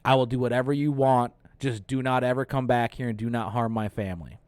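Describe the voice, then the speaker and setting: A man hosting a casual movie review, retelling the plot in an animated, profane way and acting out the characters' lines. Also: mid-range voice, a little fast, clear, resonant tone, dry recording. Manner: animated, profane, acts out quotes. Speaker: host.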